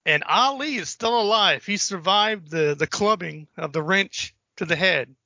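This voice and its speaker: A man's voice: sits high, expressive, unhurried, vocal fry, pushed and bright, no room sound, dull audio. A man co-hosting a podcast, loosely retelling film scenes in casual chat and swearing freely. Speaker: podcast co-host.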